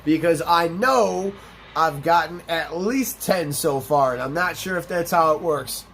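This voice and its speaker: A man's voice: fairly high pitch, normal speed, a bit bright, slight background noise. A young man hosting a let's play, rambling through casual, profane gameplay commentary and stories.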